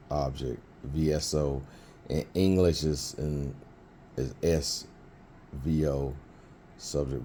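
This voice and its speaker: A man's voice: rumbling low, mellow, slight background noise. A man teaching biblical Hebrew in an informal lesson, thinking aloud with fillers and restarts.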